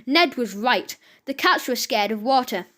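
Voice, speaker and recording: A woman reading a children's story aloud, halting now and then with slips and restarts. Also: a little high, animated, pushed and bright.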